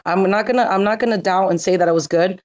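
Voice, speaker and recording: Fast-talking playful man. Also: high-pitched. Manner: boastful, playful. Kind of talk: casual chat.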